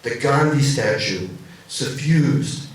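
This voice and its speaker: A man's voice: mid-range voice, takes it slowly. Man reading poems in an echoey cafe. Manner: hesitant asides, many ums and restarts between poems. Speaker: poet reading his own work. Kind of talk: poetry reading with spoken introductions. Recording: roomy echo from a distant mic.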